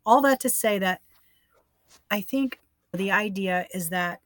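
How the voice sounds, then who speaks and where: A woman's voice: mid-range voice, unhurried, dry recording. An older woman co-hosting a faith podcast, speaking emphatically and encouragingly. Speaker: podcast co-host. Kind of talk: casual faith podcast chat.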